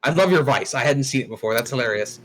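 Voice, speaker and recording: A man's voice: mid-range voice, lively intonation, fast, poor audio. A man running a tabletop game as game master, talking casually and bluntly and swearing freely.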